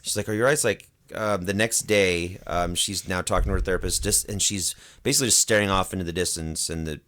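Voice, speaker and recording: A man's voice: low voice, fairly quick. A young man hosting a podcast, recapping a horror film in casual chat and acting out the characters' lines. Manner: animated retelling with acted quotes. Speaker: podcast host.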